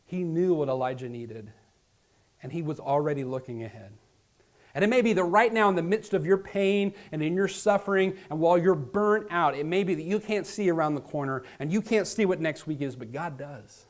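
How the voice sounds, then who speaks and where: A man preaching a sermon as pastor, earnest and dramatic, talking straight to his listeners and swinging between loud emphasis and hushed near-whispers. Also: a little high, brisk. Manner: earnest, direct address to listeners.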